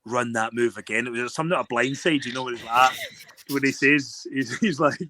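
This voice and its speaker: A middle-aged Scottish man telling rambling, animated stories with many restarts in a casual chat. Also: mid-range voice, a little fast, a little hiss or hum. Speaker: guest.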